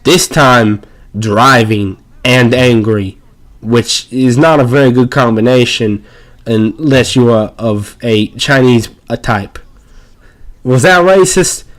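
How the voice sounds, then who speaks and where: A man gives a joking voice-over for gameplay footage in a mid-range voice. He rambles along sarcastically and plays up fake excitement. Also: mid-range voice, slow pace. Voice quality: sarcastic, rambling, mock-hyped. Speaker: video narrator.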